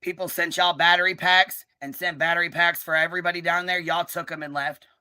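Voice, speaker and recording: A woman hosting a live stream, ranting and calling people out in a combative, profanity-heavy way, with a notably low, bass-heavy voice. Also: steady tone, a little fast, pushed and bright, clear, resonant tone. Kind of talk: live-stream commentary rant.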